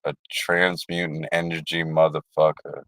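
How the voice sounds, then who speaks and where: A man's voice: very deep voice, flat delivery, moderate pace, fairly bright tone, a little hiss or hum, low-quality recording. A man hosting a casual livestream, telling rambling, profane stories. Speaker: livestream host.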